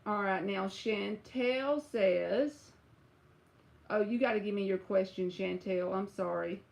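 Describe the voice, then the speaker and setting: A woman's voice: mid-range voice, slow pace, creaky, darkish tone. A woman giving a casual, chatty tarot reading on a live stream. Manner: casual, chatty, uses y'all and bruh. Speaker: tarot reader.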